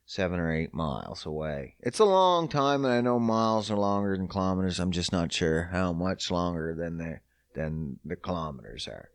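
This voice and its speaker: A man's voice: moderate pace, no room sound. A man from Prince Edward Island hosting a podcast alone, ranting with constant swearing and mock outrage. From Prince Edward Island, Canada. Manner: loud, animated pitch swings when riled up. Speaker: podcast host. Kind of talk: profane solo podcast rant.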